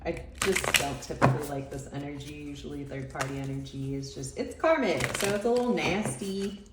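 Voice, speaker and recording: A tarot reader with a lower-pitched voice talks briskly through a spread in a loose, chatty way, full of fillers and exclaiming as cards turn up. Sitting back from the mic in an echoey room, she sounds roomy and distant, with a faint hiss behind her.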